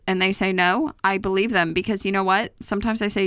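A woman in her thirties, co-hosting a casual parenting chat, chatty and quick to laugh. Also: medium pitch, steady tone, a bit bright, clear, resonant tone, no room sound, clean studio sound. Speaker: podcast co-host.

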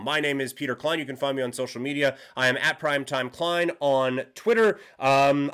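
A man's voice: mid-range voice, fairly bright tone, smooth. A man hosting a casual live post-game analysis show, reading chat comments, rambling with fillers and restarts, his voice worn and going from overuse. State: losing his voice.

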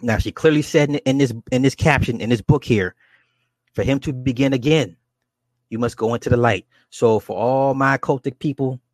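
A man reading a book aloud and adding his own commentary, with halting restarts and asides to his listeners. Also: mid-range voice, no room sound. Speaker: reader and commentator.

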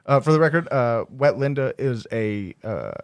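A man's voice: medium pitch, animated, moderate pace, no room sound. A man in a tabletop role-playing session, exasperated with his tablemates and swearing freely. His voice sounds close and dry, with no room around it. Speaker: player. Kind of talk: tabletop role-play banter.

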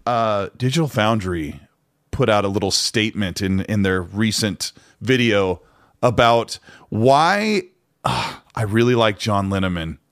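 A man's voice: lowish voice, animated, unhurried, a bit bright. Man co-host for a casual gaming show, loose and rambling. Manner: rambling, frequent restarts. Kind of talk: casual podcast chat.

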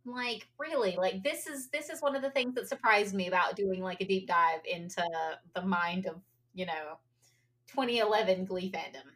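A woman's voice: mid-range voice, normal speed, fairly bright tone. A woman co-hosting a podcast in casual chat, wry and often restarting her phrases. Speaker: podcast co-host.

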